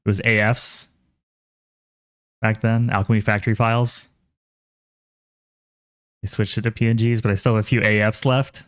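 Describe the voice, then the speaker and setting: Male game streamer, low voice, relaxed chatty play-by-play, dry close sound. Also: moderate pace, pauses often, no room sound. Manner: relaxed, chatty, thinks aloud and reads chat aloud. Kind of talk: casual gameplay commentary.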